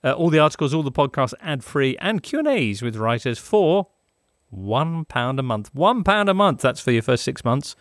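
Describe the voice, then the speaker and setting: A man's voice: mid-range voice, sing-song, normal speed, dry recording, studio quality. A man hosting a podcast, reading ads in a jokey, playful way. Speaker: podcast host. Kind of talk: casual podcast chat and ad read.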